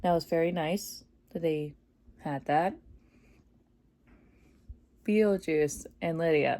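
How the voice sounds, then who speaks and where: Woman, casual review vlog, gushing, chatty, warm mellow tone. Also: low voice, takes it slowly, long pauses. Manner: gushing, chatty, many fillers, laughs often. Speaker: movie reviewer.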